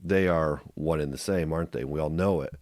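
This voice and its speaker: Earnest low-voiced man coaching listeners. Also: fairly quick, darkish tone, no room sound, studio quality. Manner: earnest, coaching, asks direct questions. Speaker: podcast host. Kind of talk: faith-based podcast talk.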